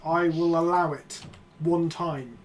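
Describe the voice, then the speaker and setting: A man, streaming a card game in casual, jokey chat that breaks into loud excited outbursts. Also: a little high, slow, a little hiss or hum. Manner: swearing, joking, excitable outbursts.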